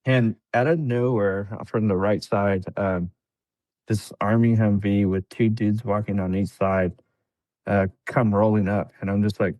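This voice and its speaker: A man's voice: lowish voice, steady tone, unhurried, darkish tone, no echo. A man on a podcast casually telling a story, laughing often and acting out what people said. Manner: laid-back, laughs often, acts out quotes. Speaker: podcast guest, veteran.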